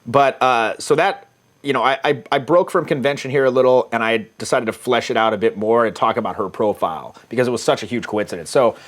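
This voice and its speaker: A man's voice: medium pitch, a little fast, fairly bright tone. A middle-aged man from the United States, a dating coach talking casually and profanely while reading out his dating-app chats, often laughing at his own jokes.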